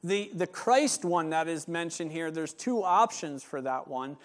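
High-voiced animated pastor preaching. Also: male voice, measured pace. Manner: animated, acts out voices of church members. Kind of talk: sermon.

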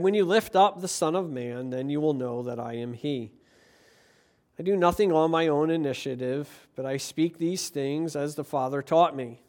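A man preaching as a pastor, reading scripture and telling jokes in an animated, swinging delivery. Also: fairly high pitch. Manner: animated, jokey storytelling, swings from quiet to loud. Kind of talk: sermon with Bible reading and jokes.

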